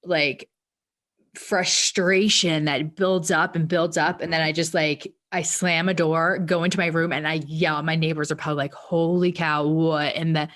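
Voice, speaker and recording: An animated woman co-hosting a relaxed podcast, her speaking voice a touch low. She tells stories with energy and acts out her own lines loudly, jumping up in pitch when she does. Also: moderate pace. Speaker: podcast co-host. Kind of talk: casual chat.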